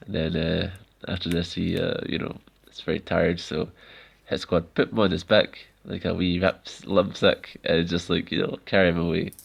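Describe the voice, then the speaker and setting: Low gravelly man. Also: flat delivery, normal speed. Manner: rambling, many "like" fillers, laughs often. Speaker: podcast co-host. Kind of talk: casual chat recapping wrestling.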